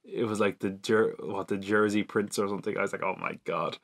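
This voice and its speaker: A man's voice: on the low side, flat delivery, a little fast. A man hosting a podcast, chatting casually through an episode recap with lots of fillers and self-mocking asides. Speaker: podcast host.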